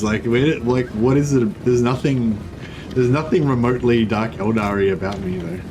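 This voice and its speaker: A man's voice: medium pitch, normal speed. A man streaming a strategy game, commenting casually in a rambling, self-interrupting way and swearing now and then. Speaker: gaming streamer. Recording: steady background noise.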